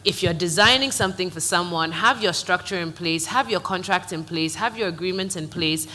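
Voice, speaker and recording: A woman speaking on a conference panel, giving earnest, steady advice to designers. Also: lowish voice, a little fast, big-room sound, faint music behind. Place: conference hall.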